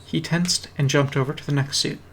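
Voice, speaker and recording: A man's voice: fairly high pitch, fairly even intonation, fairly quick, fairly bright tone, a little hiss or hum. A man reading a fantasy fan story aloud on a stream, with a dry, wry delivery. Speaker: reader. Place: home streaming setup. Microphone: streaming mic.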